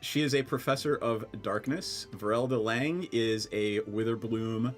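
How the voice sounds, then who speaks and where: A man's voice: medium pitch, measured pace, faint music behind. A young man from Scranton running a tabletop game as game master, chatty and easygoing, often laughing and trailing off into fillers. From Scranton, Pennsylvania.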